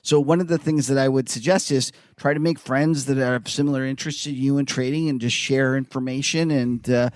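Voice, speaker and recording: A man co-hosting a markets podcast in casual, animated chat, full of "like" fillers. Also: mid-range voice, brisk, few pauses, dry recording. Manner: animated, chatty, many "like" fillers. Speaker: podcast co-host.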